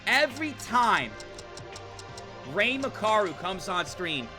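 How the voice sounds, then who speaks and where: A young man streaming a game, riffing excitedly to his chat and swearing freely at a desk mic. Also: sits high, slow, over music. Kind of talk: gaming livestream commentary.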